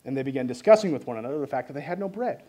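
A man preaching a sermon, reading scripture and explaining it in an animated, joking style. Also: mid-range voice, very fast.

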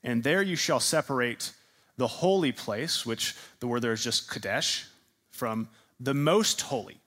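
A man delivering a teaching sermon at a moderate pitch. He quizzes his listeners and echoes their answers. He stresses key words with emphatic repetition. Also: a little slow, fairly bright tone. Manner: asks the audience questions and repeats their answers; emphatic, leans into repeated words. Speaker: pastor teaching a class.

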